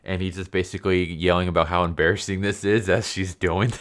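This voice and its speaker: Deep-voiced man recapping a movie. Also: steady tone, moderate pace, hardly any pauses, fairly bright tone, smooth. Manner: rambling, lots of fillers and restarts, amused. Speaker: movie reviewer. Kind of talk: casual plot recap.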